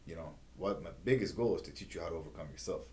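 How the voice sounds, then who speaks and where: A middle-aged man with a low, deep voice talking about his life as a martial arts coach. He tells stories with animated energy and keeps checking in with "you know what I mean". The tone is casual and conversational. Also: quick pace. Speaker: jiu-jitsu instructor and gym owner. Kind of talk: casual interview talk.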